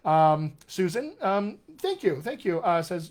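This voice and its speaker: Guy coaching on a live stream, chatty and upbeat, voice sits a bit high. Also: animated, a little slow. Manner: upbeat and encouraging, reads out viewer comments. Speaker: dialect coach hosting a live Q&A. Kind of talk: casual live-stream chat.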